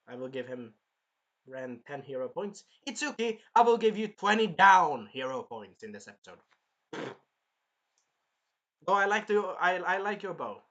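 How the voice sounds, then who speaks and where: A man's voice: fairly high pitch, a bit bright. A man casually reviewing an anime episode, rambling, swearing freely and jumping into character quotes.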